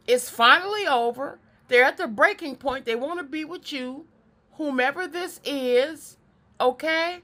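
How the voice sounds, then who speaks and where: Facing the camera, a woman gives a psychic card reading in a chatty, animated way, often repeating words and drifting into preaching. Her voice sits high and runs a little slow.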